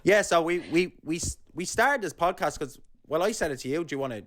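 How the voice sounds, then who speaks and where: A man's voice: fairly high pitch, expressive, a little fast, fairly bright tone. Rambling, jokey Irish man. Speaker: podcast co-host. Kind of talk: casual chat.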